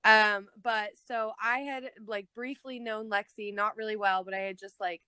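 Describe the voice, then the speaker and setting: A young woman co-hosting a podcast, telling a story in casual chat, animated and swearing, acting out the voices she quotes. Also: mid-range voice, normal speed, smooth. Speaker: podcast co-host.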